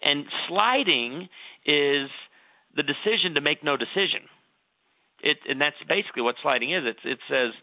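A man's voice: a little high, lively intonation, moderate pace, no room sound. A middle-aged man giving earnest advice, telling stories with emphasis in a conversational talk. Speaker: guest author. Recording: tinny phone-like line.

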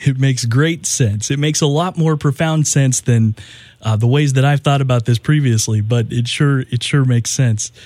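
A man with a dark, mellow tone hosts a radio interview in a dry, close studio sound. He asks measured questions and reads promos smoothly. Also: mid-range voice, no echo. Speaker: radio host.

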